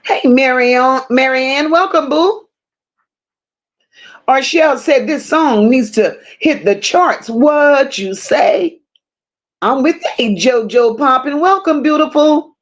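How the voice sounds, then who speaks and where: A woman with a high voice hosts a livestream at an unhurried pace. She casually greets viewers by name and reads their comments aloud, using affectionate slang and swearing often.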